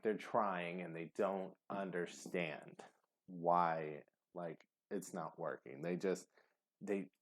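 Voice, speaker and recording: Rambling man with a lowish voice. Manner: rambling and hesitant, many fillers. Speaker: tarot reader. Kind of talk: casual tarot reading to camera.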